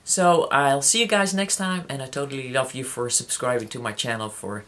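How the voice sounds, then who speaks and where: A YouTuber speaking to subscribers in a casual personal vlog, halting with many restarts and fillers, openly emotional and heartfelt. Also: medium pitch, a bit bright.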